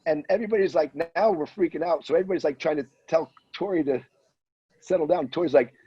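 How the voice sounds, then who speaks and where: A man in his fifties telling a wild anecdote in a casual, animated way, acting out the voices of the people in it. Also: a little high, fast, breathy edge. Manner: animated storyteller, acts out voices. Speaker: guest storyteller. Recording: dull lo-fi audio.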